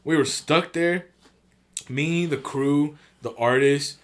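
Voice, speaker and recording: A man with a slightly high voice speaks at a slow pace. He's a guest on a podcast, spinning travel stories in casual, slangy talk, swearing freely and acting out what people said in animated voices.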